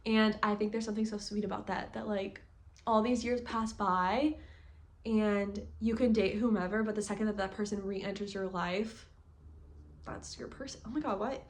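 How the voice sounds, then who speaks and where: A woman's voice: medium pitch, fairly even intonation, moderate pace. A young woman gushing through a casual book review vlog, chatty and full of "like" fillers. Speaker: book vlogger.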